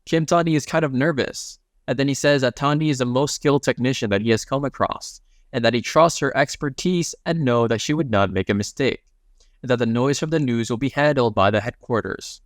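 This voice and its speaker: A man's voice: mid-range voice, brisk, no room sound, clean studio sound. A man narrating a comic recap in a casual, slangy way, retelling each panel in plain speech.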